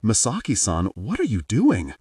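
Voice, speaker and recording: A man voicing an excitable, fussing young woman friend in an audiobook. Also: fairly low pitch, normal speed, dry recording, studio quality, far from the mic. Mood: alarmed.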